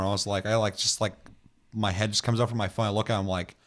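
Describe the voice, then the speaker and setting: Profane, rambling gamer guy, low voice. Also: level tone, fast talker. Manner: rambling, profane, acts out funny voices in his stories. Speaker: podcast co-host. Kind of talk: casual gaming chat.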